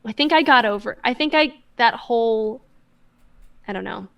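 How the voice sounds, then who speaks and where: Lady telling a story, higher voice, kinda rambly and awkward about herself. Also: normal speed, gravelly, lo-fi sound. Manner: rambling, self-deprecating, with many restarts. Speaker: musician guest. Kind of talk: casual storytelling chat.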